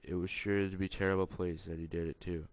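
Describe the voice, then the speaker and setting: A young man reads a children's rhyming storybook aloud without putting on voices. His voice sits very low and level, with a smooth, clear tone, and he stumbles and corrects himself now and then. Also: level tone, fast. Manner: plain, mostly unvoiced reading with small stumbles and self-corrections. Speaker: student reader. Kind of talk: reading a picture book aloud.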